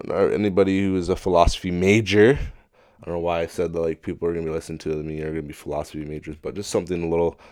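A man's voice: low-pitched, a little mellow, no echo, studio quality. A young man hosting a casual solo podcast, rambling and swearing freely in a laid-back way. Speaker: podcast host.

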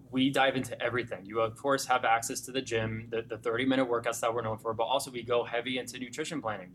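A man's voice: mid-range voice, a little hiss or hum. Enthusiastic male fitness coach telling client stories. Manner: animated storyteller, grows excited and emotional when recounting clients. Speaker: fitness gym owner or coach. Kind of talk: conversational interview storytelling.

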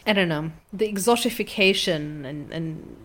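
A woman with a fairly low voice chats casually as co-host. She muses aloud and hesitates, trying to find her words as she talks. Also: moderate pace. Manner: hesitant, musing, full of fillers. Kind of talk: casual chat.

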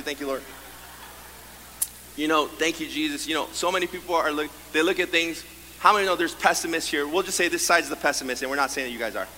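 A man preaching a sermon as pastor, animated, acting out the voices of his congregation. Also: a little high, a little hiss or hum. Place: church sanctuary. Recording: long hall reverb, faint room ambience.

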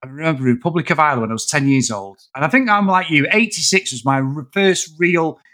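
A man's voice: a little high, fast talker. A man, chatting animatedly and swearing on a film podcast. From England. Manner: animated, heavy swearing, loud laughing asides. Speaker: podcast co-host. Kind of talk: casual film podcast chat.

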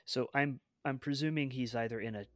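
A man playing a tabletop game, speaking formally and deliberately in character. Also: mid-range voice, a bit bright, no room sound, clean studio sound. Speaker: player.

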